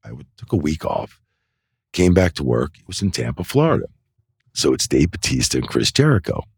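A man's voice: extremely low pitch, brisk, slightly rough, no room sound, studio quality. A middle-aged man, a wrestling referee, telling loose anecdotes in a casual interview and filling them with "you know" and "like.". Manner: animated anecdotes, acts out quoted voices. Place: indoor interview set.

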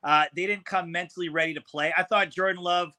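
A man's voice: high voice, fairly even intonation, brisk, bright, forceful tone. A man co-hosting a casual sports podcast, giving blunt and frustrated analysis of a game. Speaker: podcast co-host.

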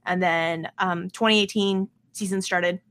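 A woman's voice: lowish voice, steady tone, measured pace, fairly bright tone. A woman in her thirties from Las Vegas, a podcast guest telling a casual, self-deprecating story.

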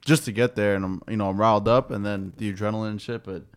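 A man telling travel stories in a casual chat, animated and trailing off quietly at the ends of sentences. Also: on the low side, fast, smooth.

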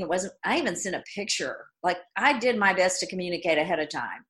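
Bright-voiced woman in her sixties. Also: on the low side, animated, quick pace, few pauses. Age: 60s. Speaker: guest author. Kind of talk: casual interview chat.

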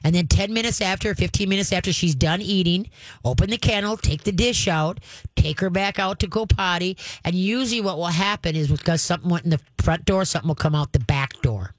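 A woman's voice: lowish voice, a little fast, no echo. A woman hosting a call-in radio show, giving dog training advice in a folksy, emphatic way with frequent laughs.

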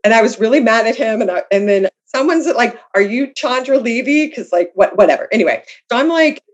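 A woman's voice: fairly high pitch, lively intonation, fast. A woman speaking as a guest author, telling her own story candidly and reflectively, with self-deprecating humor. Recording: slightly dull lo-fi audio.

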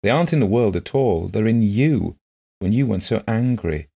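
A man reading the part of a gentle, shy blind woman who talks softly and earnestly in simple phrases. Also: lowish voice, expressive, moderate pace, gravelly, husky, voice pushed up, exaggerated voice.

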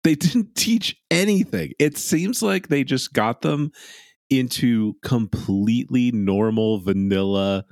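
A man's voice: medium pitch, takes it slowly, darkish tone, no room sound, clean studio sound. A young man co-hosting a podcast, sarcastic and swearing casually. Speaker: podcast co-host. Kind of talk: casual chat recapping a reality show.

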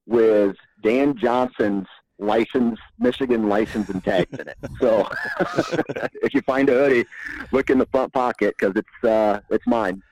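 A man's voice: lowish voice, darkish tone, no echo, low-quality recording. A man guesting on a podcast, telling stories in a laid-back, rambling way and chuckling often. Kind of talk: casual podcast storytelling.

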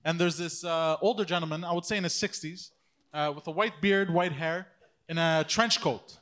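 High-pitched young man telling a profane anecdote. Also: normal speed, fairly bright tone. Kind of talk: casual storytelling chat.

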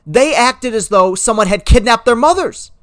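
A solo sports podcaster delivers an indignant rant, sliding from wry self-correction into loud, exasperated outbursts. The voice sits at an ordinary mid pitch. It is recorded close and dry, with no room sound. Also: lively intonation, moderate pace, dry recording. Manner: impassioned, indignant ranting with rising outbursts; self-deprecating, perfectionist asides.

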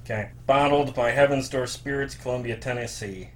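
A man's voice: medium pitch, moderate pace, crowd noise. A man hosting a podcast in casual, easygoing chat, laughing often. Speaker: podcast host.

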